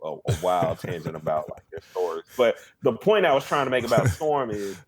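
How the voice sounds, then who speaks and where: A man's voice: fairly low pitch, animated, brisk, slightly rough. A man co-hosting a podcast in casual chat, rambling with lots of fillers and restarts. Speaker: podcast co-host.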